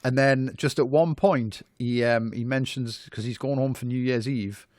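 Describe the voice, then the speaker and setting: A man's voice: medium pitch, fairly even intonation, moderate pace, a little mellow, no echo, clean studio sound. A man co-hosting a podcast, reviewing a film in rambling, amused casual chat full of fillers. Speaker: podcast co-host.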